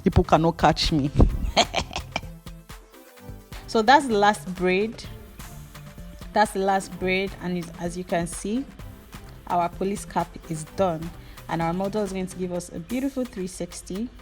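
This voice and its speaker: A woman's voice: lowish voice, moderate pace, faint music behind. A woman hairdresser hosting a hair tutorial, talking casually to camera in a chatty, upbeat way and repeating her thanks and requests to viewers.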